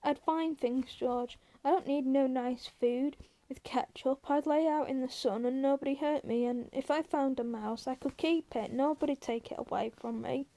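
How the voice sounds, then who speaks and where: A woman's voice: high voice, normal speed, few pauses, mellow. A woman reading aloud, voicing a simple-minded, childlike big man who pleads and begs. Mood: pleading.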